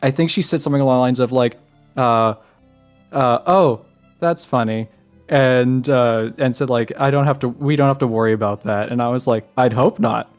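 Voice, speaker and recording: A man's voice: medium pitch, moderate pace, soft background music. A man telling a funny anecdote in casual podcast chat, with lots of swearing. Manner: animated anecdote teller, swearing. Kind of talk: casual storytelling.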